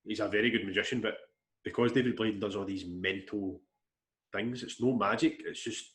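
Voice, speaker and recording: A man's voice: fairly low pitch, steady tone, moderate pace, fairly bright tone. A young Scottish man co-hosting a podcast in casual chat, blunt and swearing freely. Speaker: podcast co-host.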